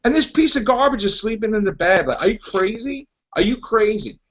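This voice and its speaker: High, animated man ranting. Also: a little fast. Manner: animated, exasperated ranting with acted-out quotes. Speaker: podcast host. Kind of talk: casual movie review chat. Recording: dull lo-fi podcast audio.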